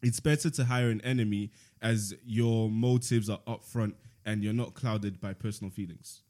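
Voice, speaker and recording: Reading from a book on his podcast, a man with a lowish, darkish voice keeps his intonation fairly even and his reading measured. Between passages he debates the text with friends in a casual, playful way, laughing a lot.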